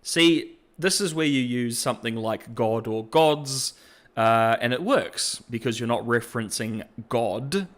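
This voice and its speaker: A man hosting a video, giving casual reaction commentary in an animated, incredulous and jokey way. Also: mid-range voice, measured pace. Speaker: video essay host.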